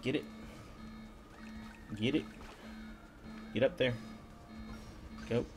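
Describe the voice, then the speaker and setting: Half-mumbling to himself, a man hosting a gaming video talks casually through a game as he plays it, giving let's-play commentary. His voice is mid-range and steady, and he speaks extremely slowly, with faint game music in the background.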